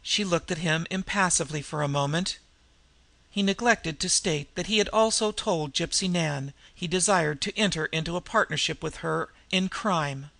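Bright, gravelly male audiobook narrator. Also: on the high side, moderate pace, no echo. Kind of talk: scripted narration.

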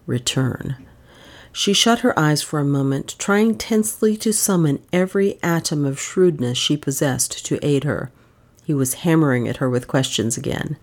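A woman reading a novel aloud as an audiobook narrator, with expressive storytelling. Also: deep voice. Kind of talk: scripted narration.

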